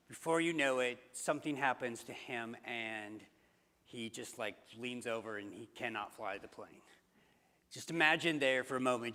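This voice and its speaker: A man preaching as pastor tells a story conversationally, using fillers and restarts. His voice is medium-pitched and sharp in tone, and long church hall reverb fills the sanctuary recording.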